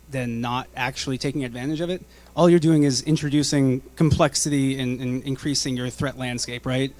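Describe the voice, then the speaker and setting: A man at mid pitch speaking on a conference panel. He explains his points earnestly, building on what others have said. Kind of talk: panel discussion. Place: conference stage.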